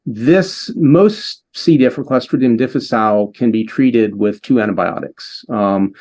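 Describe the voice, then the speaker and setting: A man guest in an interview, earnestly telling a long personal story with halting restarts. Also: mid-range voice, darkish tone. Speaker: interview guest, device developer.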